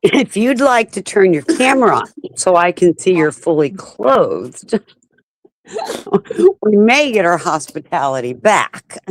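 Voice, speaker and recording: This is a woman hosting an open chat panel who teases her guests and laughs easily. She talks slowly and takes her time. Her voice sounds dry and close to the mic. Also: mid-range voice, very animated, dry recording, poor audio. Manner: teasing, laughs often. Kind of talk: casual group chat.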